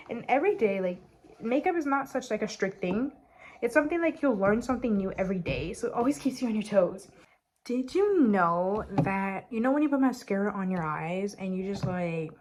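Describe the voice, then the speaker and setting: A woman's voice: mid-range voice, a little mellow, a little hiss or hum. A young woman chatting casually while doing her makeup, sarcastic and full of "like" fillers. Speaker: beauty vlogger. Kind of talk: casual get-ready-with-me chat.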